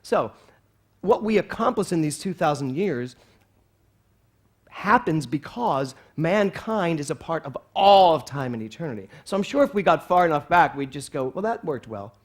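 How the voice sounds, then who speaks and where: A minister in his sixties preaches a sermon in church at normal speed, his voice fairly high-pitched. He's animated, swinging from soft passages to loud exclamations.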